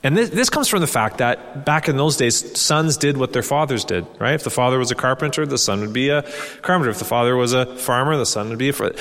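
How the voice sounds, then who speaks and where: A man's voice: mid-range voice, animated, fast talker, a bit bright. A man preaching a sermon in an earnest teaching tone, reading scripture aloud with rising emphasis. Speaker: pastor. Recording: long hall reverb.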